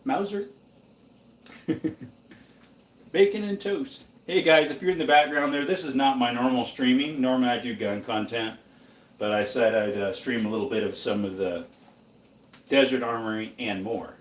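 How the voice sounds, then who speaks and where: A man's voice: mid-range voice, moderate pace. A man chatting casually on a live stream while he cooks, sleepy and rambling as he talks to his viewers. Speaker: live streamer cooking breakfast. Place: home kitchen, indoors. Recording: roomy kitchen, mic off at a distance.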